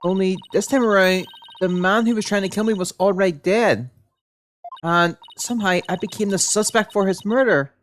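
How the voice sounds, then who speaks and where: A woman's voice: mid-range voice, normal speed, a little hiss or hum. A woman streaming a game playthrough, reading all lines aloud and switching voices.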